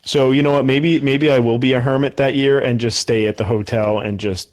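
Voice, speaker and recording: A man co-hosting a casual podcast chat in a relaxed, joking way. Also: mid-range voice, brisk. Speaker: podcast co-host.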